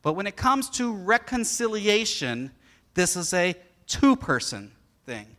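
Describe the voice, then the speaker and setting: A pastor with a bright, forward tone and a slightly high voice, preaching a sermon. He tells a family story with lots of swing in his pitch and plays out the boy's lines as he goes. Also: unhurried. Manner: animated storyteller who acts out his son's lines.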